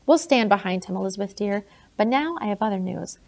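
A woman reading an audiobook, voicing a blunt, grave older colonial gentleman in her own plain voice. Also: mid-range voice, lively intonation, a little fast, creaky.

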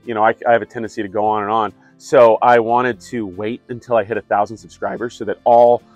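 A man's voice: fairly low pitch, level tone, brisk, a little mellow, dry recording, highs cut off, soft background music. A middle-aged man, a wastewater plant operator, chatting casually to his viewers with many fillers and wry asides. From California. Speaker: wastewater operator and YouTube host. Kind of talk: casual talk to camera.

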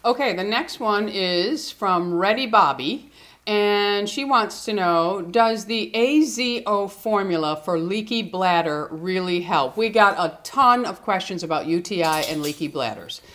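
A woman hosting a relaxed Q&A, reading viewer questions aloud in a brisk, practical way. Her voice sits at a medium pitch for a woman. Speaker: host. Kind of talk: casual Q&A interview.

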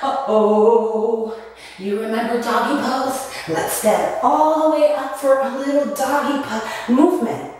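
Woman children's yoga teacher, slow singsong storyteller, a bit high, recorded far off in an echoey room. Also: darkish tone. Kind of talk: children's movement lesson with story.

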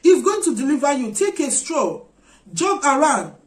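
A woman's voice: sits high, very animated, moderate pace. A woman preaching a sermon, urging her listeners with earnest, repeated exhortations. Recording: echoey room.

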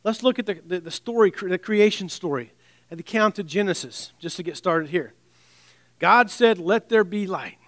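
Delivering his sermon at normal speed, a man keeps it conversational, full of wry asides and restarts, and softens to a low voice for scripture. The recording has no room sound.

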